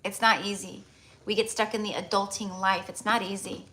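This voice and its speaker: A woman's voice: mid-range voice, steady tone, moderate pace, sharp tone. A woman hosting a live tarot reading stream, talking to her viewers in a chatty, affectionate way with lots of "like" fillers. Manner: chatty, heavy use of "like" fillers; affectionate, addresses viewers as "my love".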